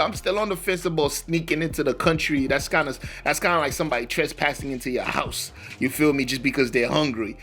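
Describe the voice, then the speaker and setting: A man's voice: fairly high pitch, bright, forceful tone. A man hosting a reaction video, talking in loose, rambling, slang-heavy casual commentary with frequent restarts.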